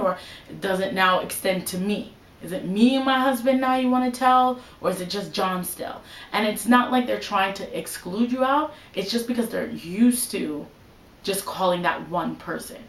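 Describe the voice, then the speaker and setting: A woman's voice: medium pitch, echoey room, rough recording. A young woman giving casual advice in a vlog, chatty and full of "like" and "you know". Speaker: vlogger.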